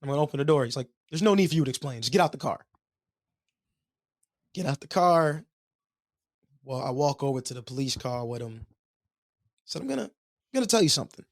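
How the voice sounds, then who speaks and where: Animated man telling a story on a podcast. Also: medium pitch, normal speed, pauses often, dry recording, studio quality. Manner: animated storyteller, acts out quoted voices. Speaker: podcast co-host. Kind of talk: casual storytelling chat.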